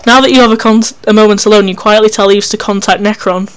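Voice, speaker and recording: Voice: mid-range voice, fairly even intonation, fast, clear, resonant tone. A narrator reading an interactive story game aloud in a wry, casual way, swearing freely.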